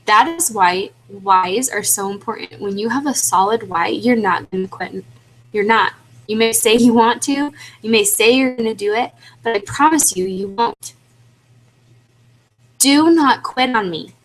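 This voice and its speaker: A woman's voice: fairly high pitch, unhurried, low-quality recording. Earnest woman pleading in a pep talk. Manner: earnest, pleading, repetitive exhortation; casual fillers like "like" and "um". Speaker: team leader for independent distributors. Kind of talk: motivational webinar talk.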